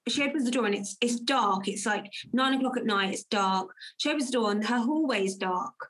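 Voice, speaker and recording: A woman's voice: a little high, a little fast, fairly bright tone. A woman guest in a conversation, earnestly telling a personal story and acting out the dialogue she quotes. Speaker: guest, confidence coach.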